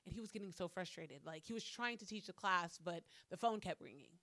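A woman telling a personal story straight to her viewers in a casual, animated way, swearing freely and breaking into loud exclamations. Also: fairly low pitch, fairly quick, no echo, clean studio sound. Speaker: vlogger.

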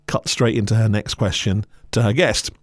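A man's voice: lowish voice, steady tone, moderate pace, dry recording. A man reviewing podcasts in a scripted, sardonic way, full of dry asides.

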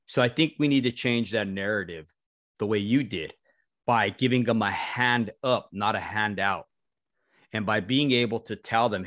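A man hosting a podcast interview who talks in a soft, affirming way and stretches out his phrases. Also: on the low side, normal speed, no room sound, clean studio sound. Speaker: podcast host. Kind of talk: casual interview chat.

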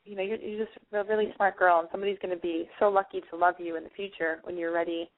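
A woman talks quickly through a narrow, tinny phone-line sound. She gives a caller rambling, reassuring advice and keeps repeating herself. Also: lowish voice, level tone. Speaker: advice show host.

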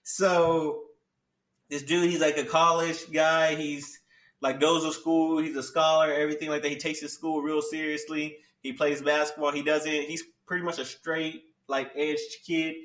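A man's voice: fairly high pitch, flat delivery, a little slow, a bit bright. A man casually recapping an anime plot in a rambling, slangy way full of filler words. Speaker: anime reviewer. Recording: echoey room, distant mic.

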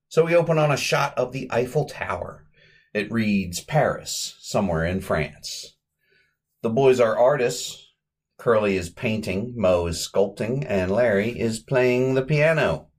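Guy hosting a podcast, kinda low voice, rambly and casual, keeps correcting himself. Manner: chatty, rambling, self-correcting. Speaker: podcast host. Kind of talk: casual podcast film recap.

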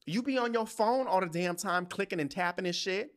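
A man's voice: sits high, fairly quick. A young adult man hosting a podcast, venting in a heated, profane and story-driven casual monologue. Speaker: podcast host.

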